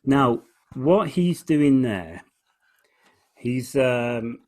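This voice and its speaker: A man with a husky, slightly breathy voice explains the rhythm of a poem in an easy back-and-forth chat. He is hesitant and restarts his sentences often. He stretches out each word when he reads verse aloud. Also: mid-range voice, lively intonation, very slow, a little mellow. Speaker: guest discussing poetry. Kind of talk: relaxed conversation, explaining verse.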